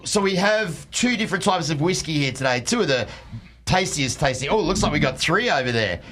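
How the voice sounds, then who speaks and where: A man's voice: on the high side, animated, brisk, fairly bright tone. A man hosting a livestream show, loose and upbeat as he talks to his guests. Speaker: livestream host. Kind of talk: casual hosting. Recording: crowd noise behind.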